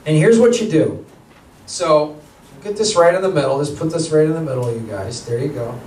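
High-voiced man hosting a comedy game show. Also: expressive, moderate pace, darkish tone, a little hiss or hum. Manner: brash announcer voice with joking asides. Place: theater stage before a live audience. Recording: echoey theater, mic from far off.

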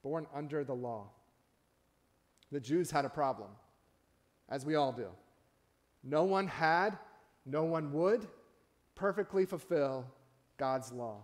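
Male pastor, slightly high voice, conversational sermon with frequent asides to the congregation. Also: lively intonation, slow pace, pauses often. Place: church sanctuary.

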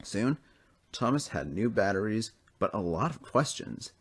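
A man narrating a toy train story in an animated storybook manner. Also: fairly low pitch, measured pace, husky, dry recording, clean studio sound.

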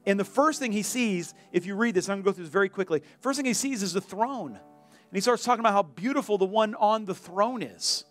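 A male pastor preaching a sermon in a church, animated, acting out the voices of the people in his story. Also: high-pitched, brisk, soft background music. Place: church sanctuary.

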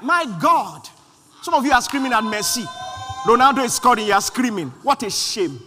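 High-pitched animated preacher. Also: male voice, moderate pace, faint music behind, a faint crowd. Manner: animated, shouting refrains, acts out quoted voices. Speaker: pastor. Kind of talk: sermon. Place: large church hall. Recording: long hall reverb.

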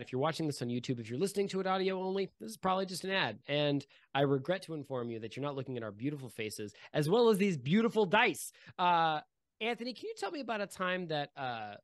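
A man's voice: on the high side, dry recording, clean studio sound. A man hosting a tabletop game podcast, doing a jokey sponsor read with teasing showman energy. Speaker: podcast host. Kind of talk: jokey ad read among friends.

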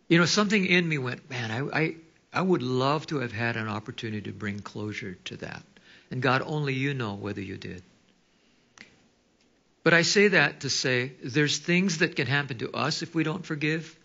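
A man preaching a sermon, telling stories with animation and dropping to hushed asides. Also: medium pitch, dull audio. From Hawaii. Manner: animated storytelling, drops to hushed quoted asides. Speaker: pastor.

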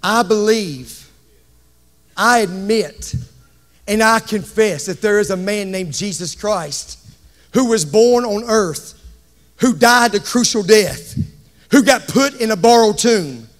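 A man, preaching as a pastor, swinging from hushed tones to shouting. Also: high voice, expressive, takes it slowly. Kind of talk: sermon. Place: church sanctuary. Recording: reverberant church hall.

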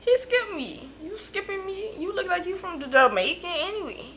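A young woman from Louisiana with a Creole accent, vlogging in an animated, laughing, playfully indignant way. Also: very high voice, normal speed, slight background noise. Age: young adult. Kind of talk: casual chat to viewers and strangers on a video app.

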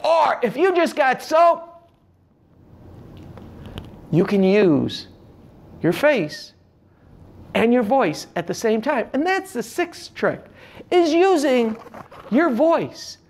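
Animated male speaking coach. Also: extremely high pitch, slow pace, creaky, pauses often. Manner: animated, emphatic delivery with shifting inflection; demonstrates with hand gestures. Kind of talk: instructional talk to camera.

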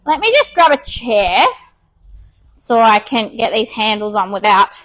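A woman's voice: fairly high pitch, expressive, measured pace, rough recording. A woman with an Australian accent, out of breath, chatting casually with many ums while restoring furniture on a live stream.

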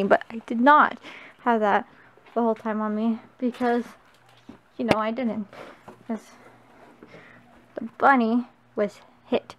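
A woman's voice: on the high side, steady tone, takes it slowly, pauses often, highs cut off, slight background noise. A young woman vlogging on a handheld camera, chatting casually and cooing in baby talk to her pets. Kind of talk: casual handheld vlog chat.

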